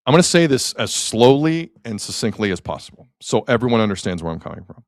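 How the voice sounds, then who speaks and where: Sports host, male, lowish voice, wry rhetorical rant, dry studio sound. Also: big pitch swings, quick pace, dry recording. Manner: emphatic, rhetorical, wry ranting. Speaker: sports talk show host. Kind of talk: casual sports talk.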